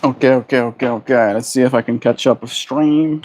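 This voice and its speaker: A man's voice: medium pitch, steady tone, a little fast, darkish tone, slight background noise. A man live streaming, chatting casually and reflectively as he answers his viewers.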